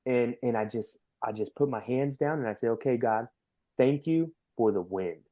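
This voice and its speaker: Man, podcast guest, mid-pitched voice, earnest testimony, animated storytelling. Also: normal speed. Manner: earnest, animated retelling with repeated words.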